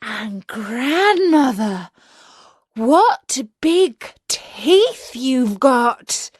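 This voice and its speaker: Little country girl voiced by a woman, trusting, slow wondering speech, high lilting voice, dry sound. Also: very animated, breathy edge, no echo, full character voice.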